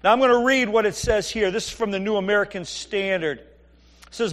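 A man's voice: sits high, brisk. A middle-aged male pastor preaching a sermon, reading scripture and telling jokey family stories in a conversational way. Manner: conversational, joking storytelling with Bible reading.

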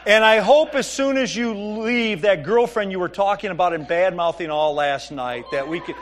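A man's voice: sits high, normal speed, few pauses. A middle-aged male pastor preaching a sermon, reading scripture and telling jokey family stories in a conversational way. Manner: conversational, joking storytelling with Bible reading.

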